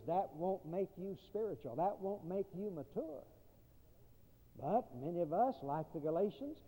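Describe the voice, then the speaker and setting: High-voiced preacher in an echoing hall. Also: male voice. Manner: emphatic, repeats key phrases, swings from loud to quiet. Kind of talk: sermon. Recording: tinny phone-like audio in a reverberant hall.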